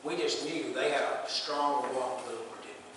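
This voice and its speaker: Against a noisy background, a pastor preaches at normal speed in a mid-range voice, talking plainly and questioning his congregation. The sound comes from a distant microphone in an echoey church sanctuary.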